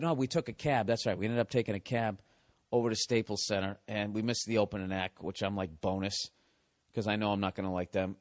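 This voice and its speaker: A man hosting a podcast, telling a comedic story as a profane, exasperated, sarcastic rant. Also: on the low side. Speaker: podcast host.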